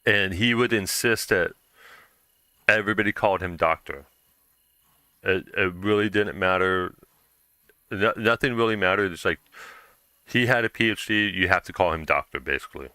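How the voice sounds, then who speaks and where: A man's voice: fairly low pitch, moderate pace, pauses often, bright, forceful tone, dry recording. A young man chatting casually while streaming a game, rambling through a story with lots of fillers and restarts.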